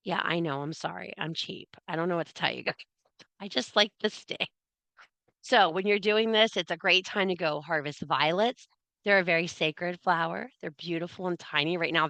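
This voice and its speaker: A woman's voice: on the low side, bright, forceful tone, no echo. A woman teaching a casual spoken class on witchcraft, blunt and joking, who swears freely and laughs often.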